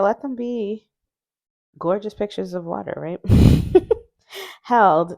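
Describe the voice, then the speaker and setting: A woman's voice: lowish voice, animated, a little slow, vocal fry, pauses often, mellow. Chatty woman musing over oracle cards. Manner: musing, chatty, reads card words aloud. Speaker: oracle deck reviewer. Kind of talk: casual unboxing chat.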